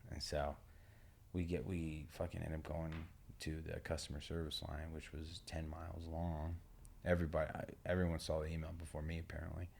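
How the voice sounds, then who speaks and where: A man co-hosting a podcast, telling a rambling travel story in a relaxed way, swearing and laughing. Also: a bass voice, moderate pace, gravelly, slight background noise. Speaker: podcast co-host. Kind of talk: casual storytelling chat.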